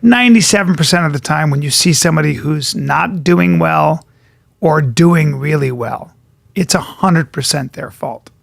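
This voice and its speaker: A man's voice: on the high side, moderate pace, gravelly, no echo, studio quality. A middle-aged man co-hosting a podcast in casual chat, emphatic and opinionated, stumbling on words as he rants. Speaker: podcast co-host.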